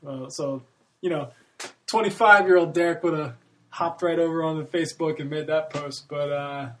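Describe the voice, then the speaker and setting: A man's voice: on the high side, steady tone, moderate pace, fairly bright tone, slight background noise. A man in his early thirties, rambling candidly in a casual monologue, swearing freely and laughing often. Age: 30s. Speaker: podcast host.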